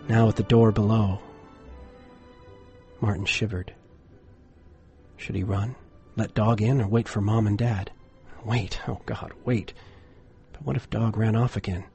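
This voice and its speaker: A man narrating a horror story in a measured, dramatic way, dropping to a hush for suspense. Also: lowish voice, fairly even intonation, faint music behind.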